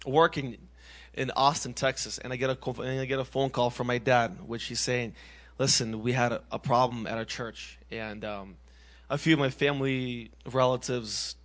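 A man in his twenties from Massachusetts, sharing his personal testimony as a youth minister in an earnest, animated way, often restarting his sentences. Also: mid-range voice, normal speed. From Massachusetts, USA.

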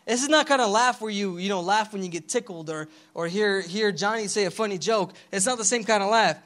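A young man leads a casual youth sermon in a high voice, full of slang like "bro" and "dude." He keeps it animated and regularly prompts the congregation to call back. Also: brisk. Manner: slangy, animated, calls for crowd responses. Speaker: pastor.

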